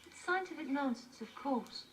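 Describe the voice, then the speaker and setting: A woman's voice: high voice, animated, normal speed, background noise. A cool reptilian lady detective. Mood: cool reasoning. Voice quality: cool, precise, lecturing.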